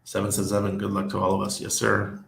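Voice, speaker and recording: A man's voice: on the low side, monotone, fast talker, gravelly, a bit bright. A man hosting a casual live stream, chatting loosely and reading viewer comments aloud. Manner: rambling, with frequent restarts and laughs. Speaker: livestream host. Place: living in Panama. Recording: echoey room.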